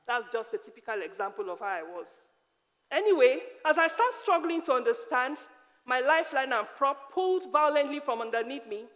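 A woman from Africa giving a personal testimony sermon, emphatic and repeating phrases slowly. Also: high voice, lively intonation, a bit bright. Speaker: preacher. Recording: long hall reverb.

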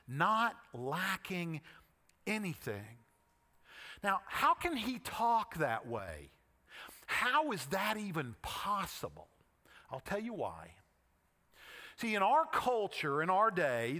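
Male pastor, animated sermon delivery, reverberant hall. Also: high voice. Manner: expressive preaching with rhetorical questions and dramatic pauses.

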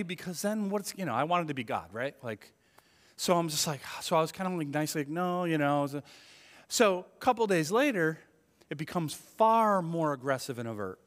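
Pastor, man, slightly high voice, lively conversational sermon delivery, church hall with a long echo. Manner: conversational, animated, acts out inner thoughts.

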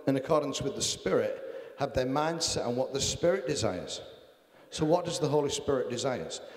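A man's voice: mid-range voice, echoey room, long reverb tail. A man preaching a sermon, earnest and self-deprecating, reading Bible passages aloud. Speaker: pastor.

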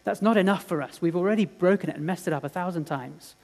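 A man preaching a sermon, telling a story earnestly and dramatically, swinging from loud to hushed. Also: high voice, fast.

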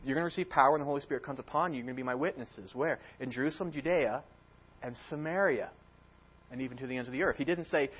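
A man preaching a sermon in an animated way, acting out quoted words as he tells the story. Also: mid-range voice, fast, muffled recording.

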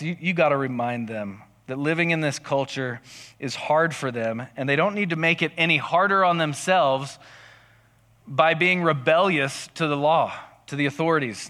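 Man, pastor, casual sermon, self-deprecating storyteller, slightly high voice, long reverb. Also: fairly bright tone. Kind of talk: casual sermon with personal stories.

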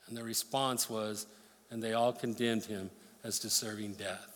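A man's voice: mid-range voice, lively intonation, unhurried, fairly bright tone, in a large hall. A man preaching a sermon, reading scripture aloud and explaining it with emphasis. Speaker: pastor.

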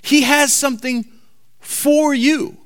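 A man preaching a sermon to a congregation. He talks emphatically and repeats key lines slowly for weight. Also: very high-pitched, fairly even intonation, a bit bright. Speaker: pastor. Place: church hall before a congregation.

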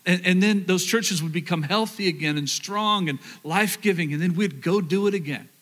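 A man's voice: high voice, brisk, fairly bright tone. A man from rural Oklahoma with a Southern accent, preaching a sermon through personal stories, earnest and repeating words as he talks to the crowd. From rural Oklahoma, USA. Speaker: pastor. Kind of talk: storytelling sermon.

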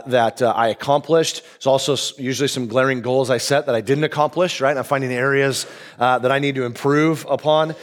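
Male pastor, stuffy nasal cold, easygoing joking sermon, mid-pitched voice. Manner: relaxed, joking, many ums. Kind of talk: casual sermon. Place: church auditorium.

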